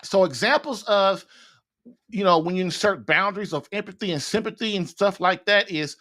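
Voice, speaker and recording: Male host, high-pitched, blunt and folksy, rambling advice talk. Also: normal speed, pushed and bright. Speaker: podcast host, marriage advice. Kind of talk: casual advice monologue.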